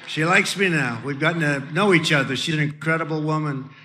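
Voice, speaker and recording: A man speaks at a political rally in a high, intensely forceful voice. He repeats himself, boasts and ad-libs asides, and shouts his punchlines. A faint noise sits under his voice. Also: a little fast. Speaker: rally speaker introducing candidates.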